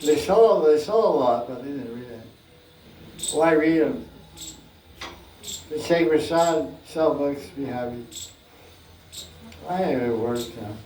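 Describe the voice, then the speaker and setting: High-voiced man teaching scripture, slow. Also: lively intonation, darkish tone. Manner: playful storytelling, acting out scenes. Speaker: spiritual teacher. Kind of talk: scripture class talk. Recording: echoey room, distant mic.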